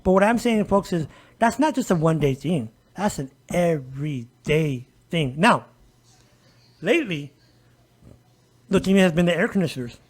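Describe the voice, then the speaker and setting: Emphatic high-pitched man on a podcast. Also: animated, normal speed, long pauses. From El Paso area, US. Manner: emphatic, repeatedly addressing listeners with "folks" and "okay?". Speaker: disability advocate guest. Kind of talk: conversational podcast interview.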